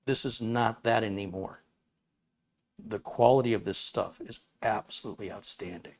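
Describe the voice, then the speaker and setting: A man's voice: fairly low pitch, moderate pace. Chatty man hosting a tech livestream. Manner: folksy, chatty, chuckles mid-sentence. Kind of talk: live Q&A with viewers.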